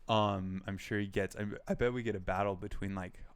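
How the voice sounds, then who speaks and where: Young man, podcast co-host, low and flat-toned, smooth resonant voice, dry close sound, filler-heavy casual chat. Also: brisk, no room sound. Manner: rambling, heavy use of "like" and "um". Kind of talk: casual pop culture chat.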